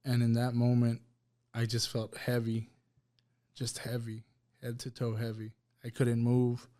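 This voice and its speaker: A man telling a personal testimony on a podcast, halting and repeating words as he recounts what happened. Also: mid-range voice, monotone, dark tone. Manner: halting, repeats words, quotes others in plain voice. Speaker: guest sharing a personal testimony. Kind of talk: emotional personal storytelling. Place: podcast studio.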